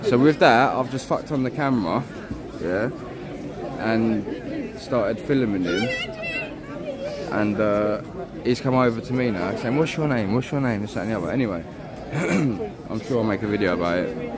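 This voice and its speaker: A man's voice: fairly low pitch, expressive, a little slow, pauses often. Man, street vlogger, sweary, rambling, handheld phone, crowd noise outdoors. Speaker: vlogger filming a protest. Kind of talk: casual street vlog.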